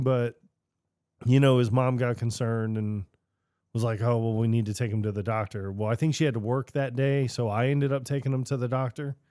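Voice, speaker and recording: A man co-hosting a podcast, telling stories in a stubborn, deadpan way in casual chat. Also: mid-range voice, no echo, clean studio sound. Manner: stubborn, deadpan storytelling with swearing. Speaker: podcast co-host.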